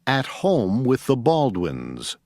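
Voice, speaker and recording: Slow, measured male course announcer. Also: medium pitch, huge pitch swings, gravelly, darkish tone, no echo, clean studio sound. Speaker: unit announcer.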